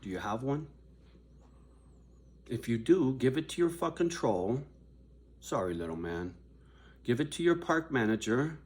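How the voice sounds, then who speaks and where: An older man vlogging to his viewers in a confrontational, profane rant, dropping to low mutters and then rising to raised shouting. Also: very animated, unhurried, pauses often. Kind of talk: angry direct-to-camera rant.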